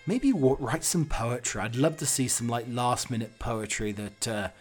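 A man's voice: mid-range voice, normal speed, soft background music. A man hosting a podcast alone, rambling cheekily in a casual monologue with wry asides. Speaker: podcast host.

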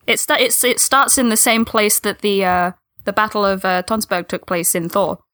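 A playful, giggly woman co-hosting a movie podcast in casual chat. Her voice is bright and crisp, at a middle pitch. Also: fairly even intonation, normal speed, dry recording, studio quality. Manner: playful, giggly, reads jokey notes. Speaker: podcast co-host.

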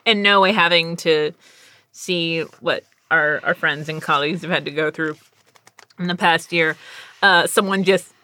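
A young adult woman, a guest in a casual chat, telling animated stories and laughing often. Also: low voice, a little slow.

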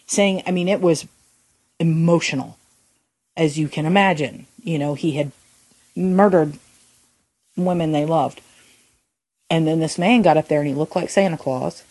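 A woman with a low voice speaks earnestly on a faith podcast. She talks in halting phrases, restarting her sentences as she works through a thought. The sound is close and dry. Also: darkish tone, dry recording. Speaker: podcast co-host. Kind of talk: reflective faith podcast talk.

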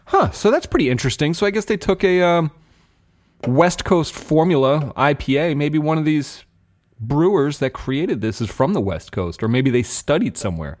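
A man's voice: on the high side, lively intonation, normal speed, darkish tone. A young adult man hosting a beer podcast, chatting casually and candidly about a beer's taste, rambling and swearing now and then. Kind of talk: casual tasting chat.

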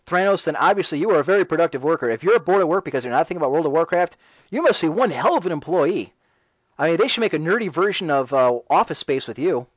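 A man's voice: fairly high pitch, lively intonation, quick pace, no room sound, rough recording. A man hosting a casual talk radio show, reading and answering chat messages in a sarcastic, ranting way.

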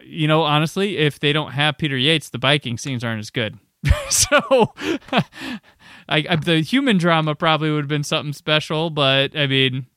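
A man hosting a podcast, chatting casually about a film with rambling anecdotes and quick asides. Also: a little high, bright, forceful tone, smooth, no room sound. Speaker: podcast host.

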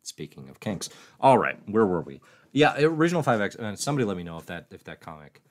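A man hosting a casual livestream, joking and mocking himself as he answers viewer questions aloud. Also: on the low side. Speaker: comics livestream host.

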